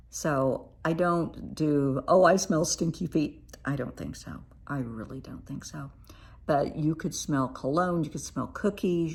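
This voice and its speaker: A middle-aged woman therapist calmly teaching coping steps, reassuring and sometimes acting out playful examples. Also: low-pitched, slightly rough. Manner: calm, reassuring, demonstrates with playful voices.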